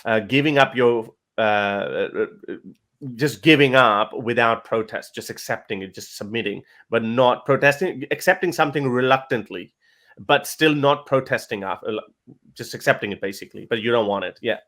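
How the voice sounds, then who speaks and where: A man hosting a casual chat, explaining things in a halting way with frequent restarts. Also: mid-range voice, fairly bright tone. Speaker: host.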